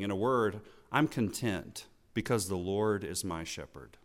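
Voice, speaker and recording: A man preaching a sermon in an earnest, teaching tone, slowing down to stress key words and letting his phrases fall at the end. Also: lowish voice. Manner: slow emphatic phrasing with falling line endings.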